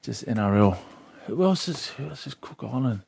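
Chatty sports show host, dry sound. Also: male voice, mid-range voice, expressive, normal speed, vocal fry, darkish tone, breathy edge, dry recording. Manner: chatty, laughs easily. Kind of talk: casual radio chat.

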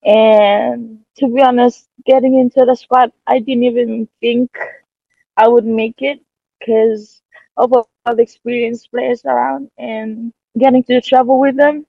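A woman's voice: on the high side, flat delivery, a little slow, gravelly, no room sound. A young woman from Fiji, a rugby player, giving shy, hesitant interview answers full of ums. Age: young adult. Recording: tinny phone line.

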